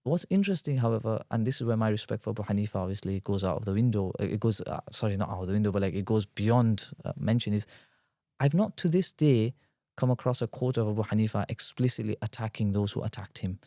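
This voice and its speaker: A man, a guest scholar, explaining at length in a podcast discussion, quick and animated, weaving in Arabic terms. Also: fairly low pitch, no echo, clean studio sound.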